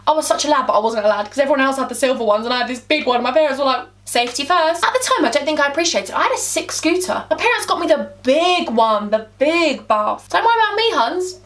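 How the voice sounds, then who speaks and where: A young English woman chats through a makeup tutorial in a high, bubbly voice. She rambles playfully and keeps calling her viewers huns. She sits slightly off the camera mic at home. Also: lively intonation, racing, hardly any pauses, a bit bright, far from the mic. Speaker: beauty vlogger.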